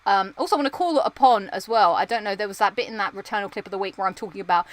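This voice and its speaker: A woman's voice: medium pitch, lively intonation, fast, hardly any pauses. A woman hosting a casual livestream chat show, rambling and chatty with a self-deprecating streak, talking indoors under lights. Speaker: livestream host.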